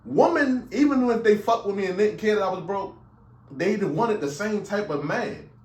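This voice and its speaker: A man co-hosting a podcast in loud, profane casual chat, laughing often. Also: sits high, moderate pace, reverberant. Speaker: podcast co-host.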